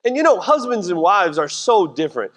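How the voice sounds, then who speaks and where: A middle-aged pastor with a drawl preaches in a loose, joking, conversational way, breaking into quick voiced asides. His voice sits high for a man. A long church reverb hangs behind his words. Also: sing-song, a bit bright. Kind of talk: sermon. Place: church sanctuary.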